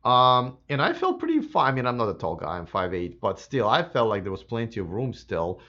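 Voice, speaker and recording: A man hosting a live electric car stream, answering viewer comments in a casual, chatty way, slightly hoarse. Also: medium pitch, wildly swooping pitch, a little fast, bright, forceful tone, dull audio. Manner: casual and chatty, many fillers and restarts. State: slightly hoarse, losing his voice.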